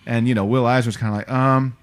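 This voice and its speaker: A man co-hosting a podcast in casual chat, an animated storyteller who acts out quotes. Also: mid-range voice, quick pace. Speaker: podcast co-host.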